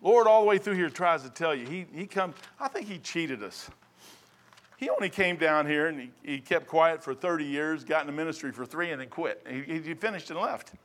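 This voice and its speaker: A man's voice: on the high side, brisk, hardly any pauses, a bit bright. A middle-aged man preaching a folksy, conversational sermon full of asides as a pastor.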